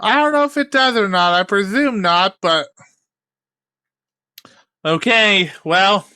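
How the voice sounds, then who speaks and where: Woman streamer yelling at a game, bright voice, slow talker, cusses a lot. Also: mid-range voice, no room sound, studio quality. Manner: swearing, groaning and cheering at the game. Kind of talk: live gameplay commentary.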